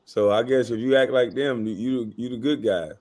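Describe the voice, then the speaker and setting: A man hosting a casual chat, telling stories in a relaxed way. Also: medium pitch, moderate pace. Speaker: host.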